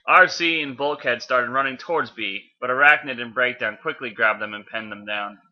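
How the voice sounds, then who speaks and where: A man's voice: medium pitch, normal speed. A man casually reading fanfiction aloud, offhand, often stumbling and correcting himself. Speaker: fanfiction reader. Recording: dull lo-fi home recording.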